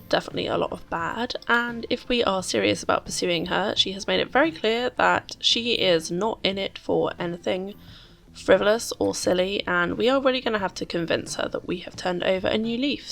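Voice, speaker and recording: A woman with a hoarse, croaky voice from being unwell, chatting casually as she narrates her gameplay. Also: medium pitch, fairly bright tone. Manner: chatty, rambling with fillers. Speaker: let's-play host.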